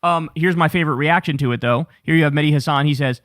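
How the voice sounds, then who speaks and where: A man hosting a political talk show, giving animated, profane commentary and mocking the people he talks about. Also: fairly high pitch, quick pace, no room sound, clean studio sound. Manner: profane, mocking and animated, laughing at his targets.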